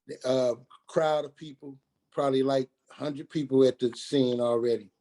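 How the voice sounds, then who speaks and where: A middle-aged man tells a story from his own life on a radio talk show. His voice is dark and mellow, at a middling pitch. He halts, repeats himself and restarts, and he voices the people in the story as he quotes them. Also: fairly even intonation. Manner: halting, repeats and restarts, quoting others in dialogue.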